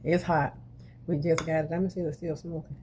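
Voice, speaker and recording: A woman's voice: low voice, flat delivery, a little fast, background noise. A middle-aged woman, hosting a casual home cooking video and chatting straight to her viewers in a homey way. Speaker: cooking channel host. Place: home kitchen.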